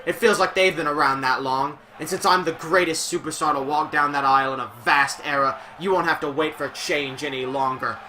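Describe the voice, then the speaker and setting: A man's voice: a little high, steady tone, a little fast, hardly any pauses, sharp tone, a little hiss or hum. A man faking a vengeful Scottish wrestler. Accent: put-on Scottish, admittedly poor. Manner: dramatic, solemn wrestling promo delivery. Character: brooding Scottish male wrestler vowing vengeance.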